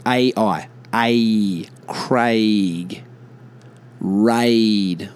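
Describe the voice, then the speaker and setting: A man's voice: on the low side, unhurried, a little mellow. A man ranting casually to camera, exasperated and swearing, spelling words out letter by letter.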